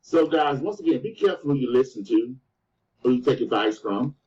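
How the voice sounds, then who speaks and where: A man giving a motivational sales presentation, telling his story in an animated way and often calling the listeners "guys" and "man". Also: medium pitch, fairly quick. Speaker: business presenter. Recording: distant, dull lo-fi sound.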